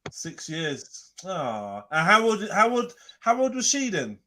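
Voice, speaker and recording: A man's voice: sits high, wildly swooping pitch, slow, pushed and bright. A man hosting a live panel podcast, teasing and bantering with slang. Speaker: podcast host.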